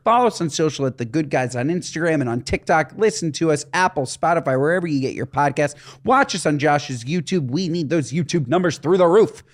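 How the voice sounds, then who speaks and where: A man's voice: a little high, expressive, a little fast, few pauses. A man co-hosting a comedy podcast, ranting in exasperated comic bursts. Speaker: podcast co-host. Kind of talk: comedic casual podcast chat.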